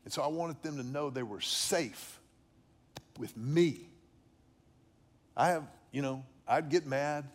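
A man's voice: on the high side, slow, pauses often. A middle-aged man giving an earnest faith-based teaching on fatherhood, often repeating and restarting words. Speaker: preacher on fatherhood.

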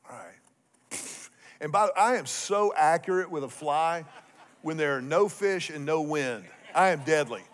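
Animated storytelling male pastor. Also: a little high, unhurried. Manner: animated, humorous storyteller with swings in loudness. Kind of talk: sermon with storytelling.

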